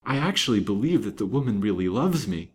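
A modest young gentleman , as a male reader voices him, subdued and bitter, in a low, somewhat soft tone. He sounds resigned rather than forceful. It is a storybook reading. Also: sing-song, fairly quick, slight background noise.

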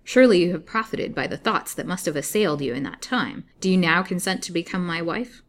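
A woman voicing a cold, insistent young male suitor in a storybook reading, speaking forcefully. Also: on the low side, expressive, fairly quick. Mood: pleading. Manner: forceful, imploring then menacing.

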